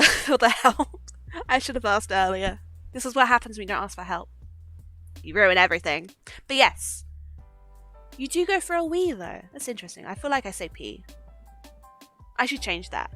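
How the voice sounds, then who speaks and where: Young female streamer, bright and animated, giggly and foul-mouthed, desk-mic home setup. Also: fairly high pitch, no echo. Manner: giggly, swears freely, chats with viewers. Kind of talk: casual live-stream chat.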